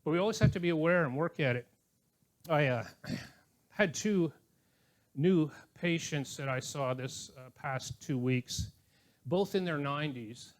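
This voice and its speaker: A man's voice: a little high, unhurried. An older man preaching a sermon as pastor, conversational and anecdotal, with chuckling asides. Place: church.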